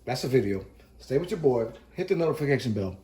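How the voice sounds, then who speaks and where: Fast and animated, a man with a medium-pitched, dark voice talks to camera in his casual home-kitchen cooking vlog. The echoey recording carries a little hiss or hum. He's chatty and hyped, repeating catchphrases and calling viewers cooks.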